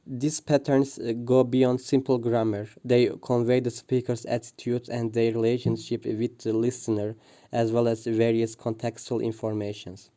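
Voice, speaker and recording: A man reads a prepared linguistics presentation, pausing often with "uh" and restarting words. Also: medium pitch, little pitch movement, mellow. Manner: hesitant, frequent "uh" fillers and restarts. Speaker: student presenter.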